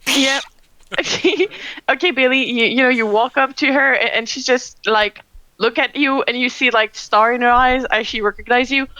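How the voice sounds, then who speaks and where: A woman narrating as game master of a tabletop game, hesitant and full of fillers, slowing down to describe. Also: high-pitched, fairly even intonation, sharp tone, no echo, poor audio. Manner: hesitant with many fillers and restarts, slow when describing.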